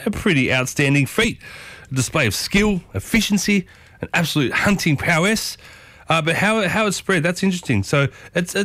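A man's voice: medium pitch, a bit bright, dry recording. A man hosting a breakfast radio show in a studio, chatting casually to listeners and repeating pet phrases. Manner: chatty, repeats "I'll tell you what", addresses listeners as folks. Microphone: studio microphone.

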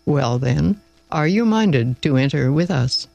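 A cool, ironic aristocratic abbot, read by a man speaks with educated, measured precision. The voice is a touch high with a gravelly grain. It sounds close and dry. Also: lively intonation, a little mellow, no echo, dull audio, soft background music. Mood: probing.

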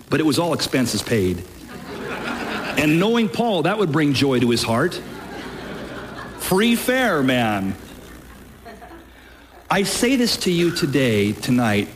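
Slow emphatic male preacher. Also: slight background noise. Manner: emphatic, rising pitch on key phrases, slow deliberate delivery. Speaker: pastor. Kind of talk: sermon.

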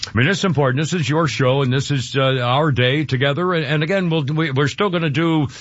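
A man's voice: a little high, fairly quick, dry recording, muffled recording. A man hosting a talk radio show, emotional and rambling, often choked up and restarting his sentences.

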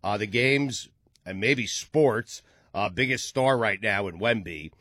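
A man's voice: fairly low pitch, takes it slowly, pushed and bright, dry recording, studio quality. A man hosting a casual sports talk show, leading the discussion and laughing often. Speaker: sports radio host.

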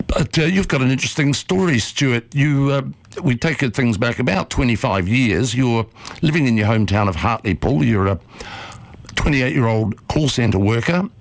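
A man hosting a radio show, telling a story in an animated, playful way before an interview. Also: medium pitch, normal speed, dry recording. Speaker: radio host.

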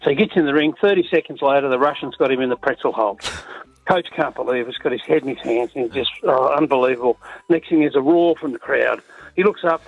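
A man with an Australian accent calling in to a radio show and spinning a joke in a relaxed, yarn-telling way. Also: medium pitch, quick pace, vocal fry, husky, dull audio. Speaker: caller.

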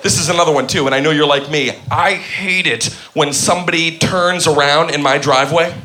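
A man performing a stand-up bit, growing exasperated and shouting. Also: on the high side, fairly even intonation, fairly quick, music in the background. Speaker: comedian. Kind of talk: stand-up comedy routine.

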